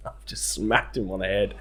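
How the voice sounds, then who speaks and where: A young man in his twenties with an Australian accent, a podcast guest telling animated, self-mocking stories in casual slang. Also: fairly low pitch, unhurried. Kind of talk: casual storytelling.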